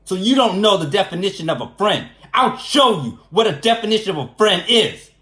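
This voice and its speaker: A man ranting in a casual vlog, animated and indignant, repeating phrases for emphasis. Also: sits high, fairly quick, roomy sound. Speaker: vlogger. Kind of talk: casual storytelling rant.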